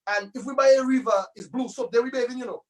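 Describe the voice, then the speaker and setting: A man's voice: extremely high pitch, fast talker, far from the mic, slight background noise, low-quality recording. A man, a musician guest, telling rambling stories in a casual interview, full of tag phrases.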